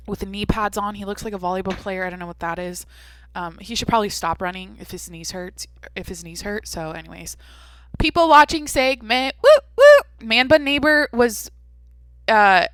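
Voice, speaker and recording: A woman's voice: mid-range voice, a bit bright, no echo. Rambling, profane young woman podcaster. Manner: rambling, profane, self-interrupting storytelling. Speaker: podcast host. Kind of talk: solo podcast monologue.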